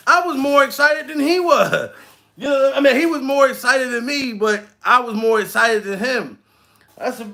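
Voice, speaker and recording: A man, a comedian, telling a profane, animated story in a vlog, laughing often. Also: very high-pitched, normal speed, creaky. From New York.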